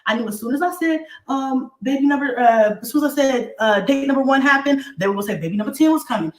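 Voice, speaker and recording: A woman's voice: high voice, animated, brisk, reverberant. Brash, profane woman ranting on a livestream. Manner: loud, profane, taunting.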